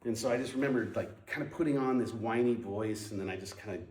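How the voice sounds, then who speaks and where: A man's voice: fairly low pitch, fast talker, far from the mic. Man telling his story in a roomy hall. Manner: storytelling, animated, lots of ums and restarts. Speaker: speaker sharing his testimony. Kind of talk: personal testimony talk. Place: moved to Portland in the nineties.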